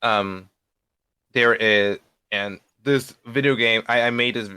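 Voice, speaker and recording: A man's voice: medium pitch, pushed and bright, clear, resonant tone, dry recording. A young man in his late teens, a beginner voice actor, talking casually as an interview guest and often restarting his sentences. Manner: halting, repeats and restarts words.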